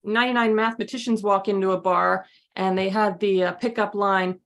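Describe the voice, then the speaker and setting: Woman telling quick pun jokes. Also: medium pitch, fairly even intonation, fairly bright tone. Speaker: improv performer.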